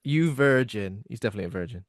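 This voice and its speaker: A man co-hosting a podcast, chatting casually about a film, animated and swearing freely. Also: lowish voice, fast, dry recording, clean studio sound. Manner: animated, swearing, mock impressions. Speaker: podcast co-host.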